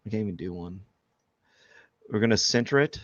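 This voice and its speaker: A man's voice: fairly low pitch, brisk, no room sound, dull audio. A man chatting casually and joking about himself while he draws on a live stream. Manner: rambling, self-deprecating, joking. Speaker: artist streaming live drawing.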